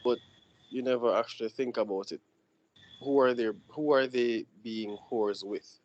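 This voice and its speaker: A man's voice: medium pitch, normal speed, darkish tone, highs cut off. A man co-hosting a casual podcast discussion, earnestly laying out an argument. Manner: earnest, making a point. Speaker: podcast co-host.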